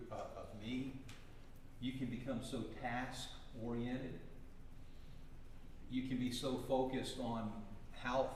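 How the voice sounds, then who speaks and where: A man's voice: medium pitch, slight background noise. A man teaching a church Bible class in an earnest, self-deprecating way, often repeating words as he starts a thought. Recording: echoey hall, mic from far off.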